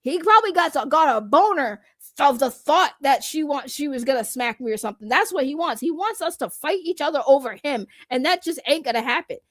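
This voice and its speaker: A woman's voice: high-pitched, expressive, brisk, a bit bright, no room sound, studio quality. A woman streamer talking in a blunt, profane way and mocking others' words in heated casual talk.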